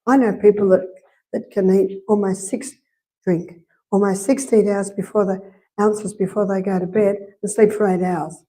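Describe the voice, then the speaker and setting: Speaking at a normal speed with fairly even intonation, a middle-aged Australian woman's mid-range voice carries a dark tone. At a live health lecture in a church hall she chats, restates key points and recounts anecdotes.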